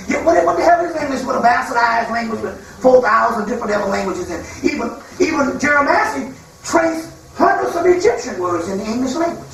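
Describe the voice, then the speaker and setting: A man giving a freewheeling spiritual lecture, emphatic and profane, with mocking asides and quick put-on quotes. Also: extremely high pitch, fairly bright tone. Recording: echoey hall, far from mic.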